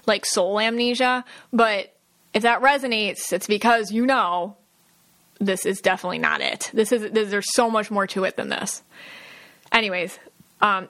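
A woman's voice: mid-range voice, fairly bright tone. A woman hosting her own podcast as a psychic medium, talking casually with many fillers and acted-out quotes. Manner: chatty, lots of fillers and quoted asides. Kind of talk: casual solo podcast talk.

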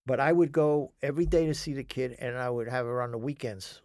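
A man's voice: mid-range voice, brisk, a little mellow, dry recording, studio quality. A man telling his story as an interview guest, rambling and emphatic, with frequent swearing. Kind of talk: storytelling in a conversation.

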